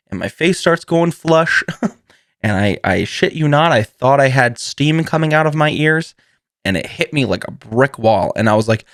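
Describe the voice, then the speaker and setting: A man's voice: on the high side, animated, unhurried, a bit bright, dry recording, clean studio sound. Profane, laughing male podcast storyteller. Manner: swears freely, laughs often, rambling. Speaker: podcast host. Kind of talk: casual comedic storytelling.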